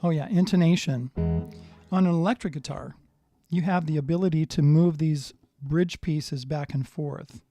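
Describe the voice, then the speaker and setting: A man's voice: on the high side, moderate pace. A man giving a live guitar lesson, chatting and thinking aloud as he tunes and plays. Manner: relaxed, thinking aloud while tuning. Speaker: guitar teacher. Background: guitar playing.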